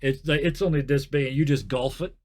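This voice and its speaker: A man serves as game master, narrating a tabletop fight in a relaxed, joking tone. His voice sits at a middling pitch, and he sniffs now and then between phrases. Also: brisk, a little hiss or hum.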